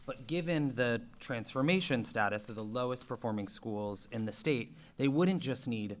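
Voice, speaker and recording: A man's voice: medium pitch, moderate pace. A man on a school committee asking questions at a public meeting, speaking casually and hedging often. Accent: Boston.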